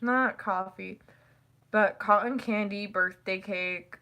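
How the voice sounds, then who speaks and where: A young woman chatting casually to camera, rambling and giggling, who acts out family quotes in high voices. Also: steady tone, takes it slowly, sharp tone. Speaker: vlogger. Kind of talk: casual chat.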